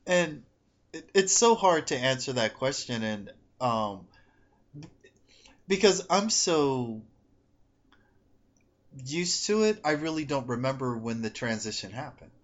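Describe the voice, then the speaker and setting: Man, podcast host, casual chat, rambling, laughing, mid pitch, slightly dull audio. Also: very animated, slow pace, pauses often. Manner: laughing, rambling, self-correcting. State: coming down with a cold. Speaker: podcast host and psychic medium.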